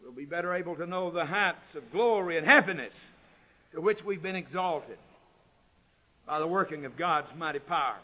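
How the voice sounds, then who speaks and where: High-voiced preacher with soaring climaxes. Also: male voice, expressive, moderate pace, muffled recording. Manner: swells to loud, ringing climaxes, then drops low and quiet. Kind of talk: sermon.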